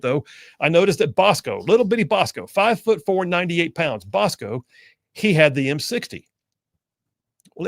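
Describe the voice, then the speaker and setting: A man's voice: a little high, vocal fry, no room sound, studio quality. A man hosting a radio talk show, telling a story in an earnest, conversational monologue. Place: radio studio.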